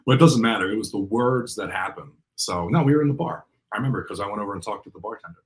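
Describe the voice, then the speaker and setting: A man, a podcast guest, telling a story in casual conversation, animated and acting out the dialogue, with lots of "like" fillers. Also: fairly low pitch, quick pace, low-quality recording. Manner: animated, acts out quoted dialogue, many "like" fillers.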